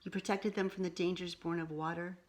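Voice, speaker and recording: Storybook moon spirit, soft and solemn, woman reader voicing. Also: fairly low pitch, level tone, brisk, natural voice. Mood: tender. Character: grand radiant moon spirit woman, gentle.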